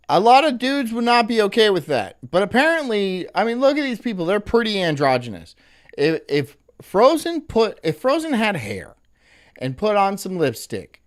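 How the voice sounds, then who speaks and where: A male stream host in casual, rambling commentary, his pitch bouncing freely up and down. He sounds sarcastic and breaks into laughter easily as he reacts to a clip.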